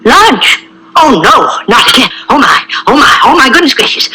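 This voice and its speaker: A man voicing a prim, flustered male rabbit in an animated film, fretting over music. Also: extremely high pitch, normal speed, full character voice, poor audio. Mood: fretful. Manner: fretful and prissy.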